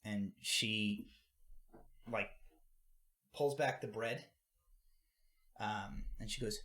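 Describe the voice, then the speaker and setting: A man's voice: fairly low pitch, very slow, long pauses, pushed and bright. A man narrating as game master of a tabletop role-playing game, casual with lots of fillers. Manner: casual, many fillers and restarts.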